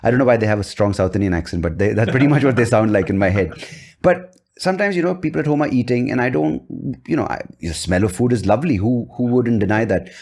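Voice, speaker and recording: A man's voice: medium pitch, animated, quick pace, vocal fry, darkish tone. A man hosting a casual podcast interview, chatting easily and telling personal anecdotes. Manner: chatty, acts out others' voices in quotes. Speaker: podcast host.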